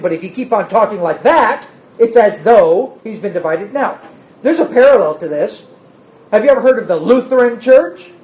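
A man's voice: high voice, a little mellow, muffled recording. A man preaching a sermon, emphatic, firing rhetorical questions at the congregation and answering them himself.

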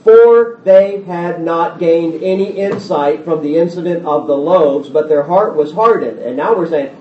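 A male pastor teaching a Bible sermon in a lively way, acting out the disciples' voices as he goes. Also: fairly high pitch, measured pace, hardly any pauses. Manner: animated, acts out the disciples' voices. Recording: roomy, distant, dull sound.

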